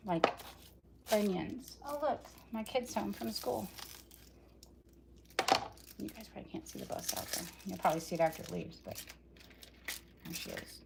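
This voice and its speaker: A woman's voice: mid-range voice, gravelly. A woman doing a live cooking vlog in her home kitchen, rambling chattily and talking straight to her viewers. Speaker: cooking vlogger. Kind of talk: casual live cooking chat. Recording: loud kitchen chopping noise. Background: chopping and kitchen clatter.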